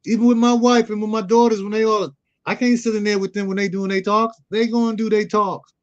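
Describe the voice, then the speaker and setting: High-voiced middle-aged man telling stories. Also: little pitch movement, a little fast, dull audio. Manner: storytelling, acts out quoted dialogue. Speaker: guest, youth mentor. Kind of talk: casual conversational interview.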